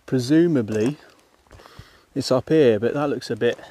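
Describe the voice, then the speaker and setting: A man's voice: medium pitch, measured pace, warm tone. A man walking a muddy woodland path outdoors, chatting to viewers in a casual commentary with muttered asides and mild exclamations. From England. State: panting while climbing a muddy hill. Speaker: walking vlogger.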